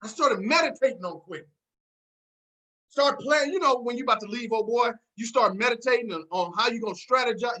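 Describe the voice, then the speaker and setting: Man preaching a pep talk to his sales team, bright punchy voice, goes from hushed to shouting, repeats himself for effect. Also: very high-pitched, animated, fairly quick. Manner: preacher-like, emphatic, repeats key words, swings between hushed and shouting; asks the audience to answer back. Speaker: motivational speaker on a sales team call. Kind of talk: motivational speech.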